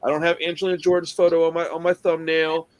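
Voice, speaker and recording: Slangy, animated male podcast host. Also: a little high, noisy background. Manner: animated, slangy, quick to act out quotes. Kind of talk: casual chat about a film.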